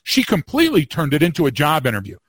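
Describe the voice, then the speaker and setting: A man co-hosting a podcast, a former police field training officer telling a story with wry humor and lively delivery. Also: a little high, fast, no echo. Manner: animated storyteller, wry humor, repeats words when starting. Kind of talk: casual storytelling chat.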